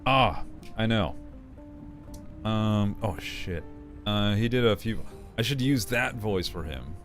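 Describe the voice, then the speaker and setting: Man, casual game stream chat, low gravelly voice, easygoing pace, self-critical. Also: lively intonation, slow pace, a bit bright, faint music behind. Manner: chatty, self-critical about his voice work. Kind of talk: casual chat while playing.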